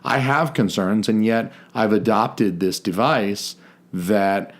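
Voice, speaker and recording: Male podcast co-host, lower register, casual, jokey storyteller with salty language. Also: slow pace. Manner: chatty, profane, jokey storyteller.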